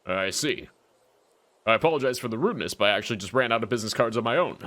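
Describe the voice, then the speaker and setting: A man doing a grandiose, eager author from a mystery game. His tone is bright and animated, and every line sounds a little theatrical. The reading has the relaxed ease of a live game stream. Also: mid-range voice, very fast, pitched below the performer's own voice. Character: eager male fantasy author, flamboyant and excitable. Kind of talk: voicing game dialogue on a stream.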